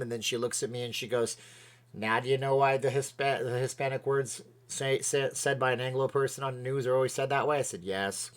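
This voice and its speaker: A middle-aged Canadian man with a fairly bright mid-range voice hosts a casual livestream. Rambling and chatty, he sways as he talks, reading viewer comments and thanking people by name.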